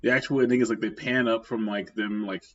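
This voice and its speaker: A man's voice: lowish voice, steady tone, quick pace. A man co-hosting a podcast, chatting casually in a laid-back, wry way. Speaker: podcast co-host. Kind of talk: casual chat. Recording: dull lo-fi sound.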